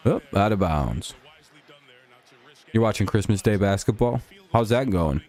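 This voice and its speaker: A man with a fairly low, slightly slow voice hosts a live stream, calling a football game play by play. He keeps it relaxed and trades casual, profane banter with his viewers in chat.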